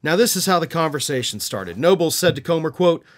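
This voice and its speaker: A male political commentator speaking in a fairly high voice that leaps up and down with emphasis. His delivery is indignant and sarcastic, full of scorn. It comes across as a solo commentary monologue. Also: animated, fairly quick.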